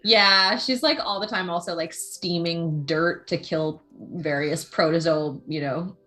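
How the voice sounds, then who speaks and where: A woman chatting as a podcast guest and telling family stories with animated delivery and frequent laughter. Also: lowish voice, measured pace. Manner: animated storyteller, laughs often. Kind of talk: casual chat.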